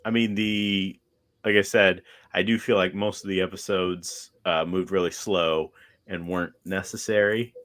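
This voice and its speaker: A very low-voiced man on an anime review podcast, talking bluntly with a deadpan, joking edge. He gives his opinions plainly and casually. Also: a little slow. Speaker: podcast co-host.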